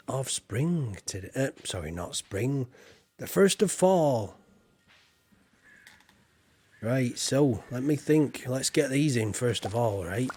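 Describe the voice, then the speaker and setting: A man's voice: medium pitch, a little mellow, no echo, clean studio sound. A man streaming a farming game, chatting in a rambling, jokey, homely way as a folksy farmer persona. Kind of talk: casual let's-play chat.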